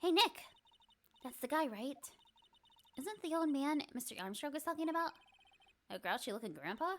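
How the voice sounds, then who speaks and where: A woman voicing an excitable young female sidekick in a video game, speaking eagerly and with animation. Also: sits high, moderate pace, pitched above the performer's own voice. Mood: excited.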